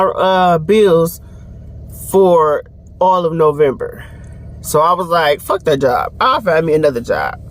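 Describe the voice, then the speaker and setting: A young woman tells a story in a casual vlog, animated, laughing and quoting others as she goes. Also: mid-range voice. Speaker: vlogger. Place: home and car.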